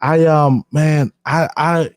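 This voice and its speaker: A fairly high-voiced man hosts a podcast in a loose, conversational way. He talks candidly and emphatically, drops slang and often repeats words. The sound is dry and close. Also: steady tone, slow pace, dry recording. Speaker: podcast host.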